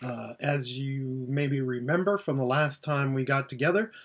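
Husky-voiced man reading a children's book. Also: mid-range voice, fairly even intonation, moderate pace. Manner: gentle, with frequent "uh" fillers. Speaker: pastor reading for a library.

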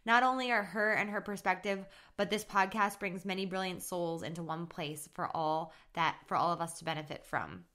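Bubbly, bright-voiced woman podcast host. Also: on the low side, normal speed, few pauses. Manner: bubbly, gushing, slangy. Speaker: podcast host and mindset coach. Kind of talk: casual solo podcast talk.

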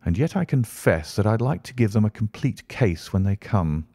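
A brisk, impatient detective, read by a man, explains his reasoning in a crisp, lecturing way. The voice sits low and mellow, recorded dry and close. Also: sing-song, no echo, heavily acted. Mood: thoughtful. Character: Sherlock Holmes, brisk, impatient male detective.

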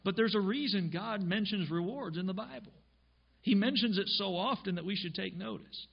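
A man's voice: high voice, moderate pace, vocal fry, husky. A man pastor preaching a sermon emphatically, reading scripture aloud and explaining it. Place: church. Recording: dull lo-fi church recording.

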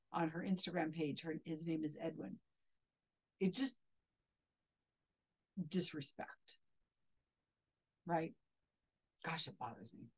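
A woman with a somewhat low, slightly mellow voice critiques a video clip as a skeptic. She sounds indignant and keeps restarting her sentences, and the recording quality is low.

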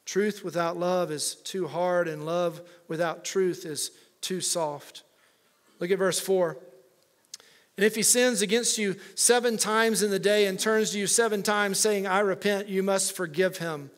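A man's voice: high voice, steady tone, a little slow. A male pastor preaching a conversational sermon with humorous asides to his congregation. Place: church sanctuary.

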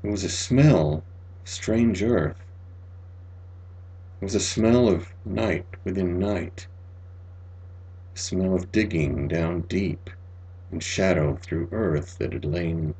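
A man reading a spooky short story aloud, dramatic, dropping to near-whispers and rising to loud cries. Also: extremely low pitch, slightly rough, poor audio. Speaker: audiobook reader.

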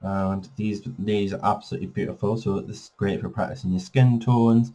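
A man's voice: on the low side, fairly even intonation, a little fast, dark tone. A man giving a casual flip-through review of a colouring book, chatty, with frequent fillers and self-corrections.

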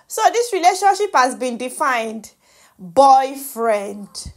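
A woman with a Nigerian accent chats her way through reality show gossip in a playful, talkative manner. Her voice sits a little high, and she drops into pidgin now and then. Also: animated, slow pace. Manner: chatty and playful, mixing in pidgin and laughing. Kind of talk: casual gossip commentary.

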